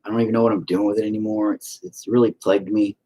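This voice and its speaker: A man's voice: on the low side, little pitch movement, quick pace, mellow, slight background noise. A man rambling to himself while painting, profane and self-deprecating. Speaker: painter talking to camera. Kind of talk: rambling casual monologue.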